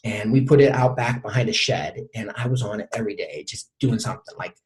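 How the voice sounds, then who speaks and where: A man's voice: fairly low pitch, expressive, brisk. A middle-aged man, a coach, telling a personal story as a guest in an interview, often stumbling and repeating his words.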